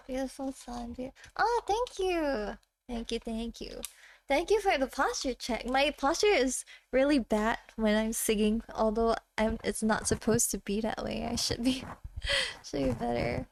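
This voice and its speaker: Between karaoke songs, a woman VTuber at home talks with her viewers, laughing and making quick asides while reading chat. Her high-leaning voice is animated with vocal fry, and a little hiss or hum is audible.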